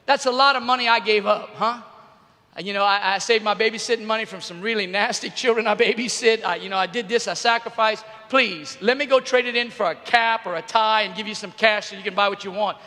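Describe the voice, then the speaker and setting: A man's voice: high-pitched, brisk, sharp tone. A man voicing his exasperated teenage daughter, who pleads with and then sternly lectures her dad. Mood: pleading. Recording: reverberant arena hall.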